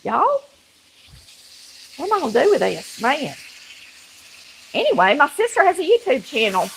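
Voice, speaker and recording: High, gravelly Southern woman cooking. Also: huge pitch swings, moderate pace, a little hiss or hum, poor audio. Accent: Southern US, country. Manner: folksy and chatty, talks straight to viewers while cooking. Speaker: cooking show host. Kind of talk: casual cooking chat to viewers. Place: home kitchen.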